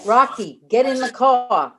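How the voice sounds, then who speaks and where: A woman's voice: fairly high pitch, slow pace, background noise. Wry older woman doing stand-up. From New York. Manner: dry, wry deadpan delivery of one-liners. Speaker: stand-up comic. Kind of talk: stand-up set over video call.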